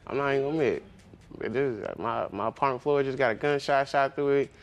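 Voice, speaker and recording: A man's voice: mid-range voice, quick pace. A young man speaking casually in his testimony on a courtroom TV show, rambling with lots of fillers and slang. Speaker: litigant.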